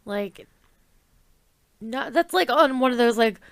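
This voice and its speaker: A woman's voice: fairly high pitch, lively intonation, takes it slowly, smooth. A woman on a podcast, chatting casually and mostly chiming in with short agreement. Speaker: podcast guest. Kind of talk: casual chat.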